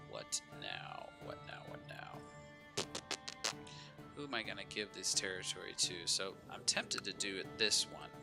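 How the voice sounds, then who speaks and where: A man's voice: sits low, vocal fry. A man giving casual live commentary while playing a strategy game, chatting to viewers and talking back to the characters on screen.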